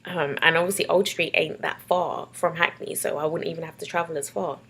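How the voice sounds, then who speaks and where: Husky London woman telling her story. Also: deep voice, fairly even intonation, fairly quick, a bit bright. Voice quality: husky and gravelly. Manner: tearful and laughing by turns, casual. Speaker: vlogger. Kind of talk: emotional personal storytelling.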